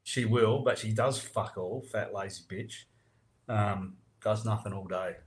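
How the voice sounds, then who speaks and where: A man's voice: on the low side, measured pace. A man with an Australian accent, hosting a podcast and explaining local slang in crude, laid-back casual chat. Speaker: podcast host.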